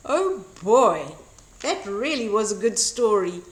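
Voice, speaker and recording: An older woman reading a bedtime story aloud for children, slow and expressive. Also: mid-range voice, heavy background noise. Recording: roomy echo.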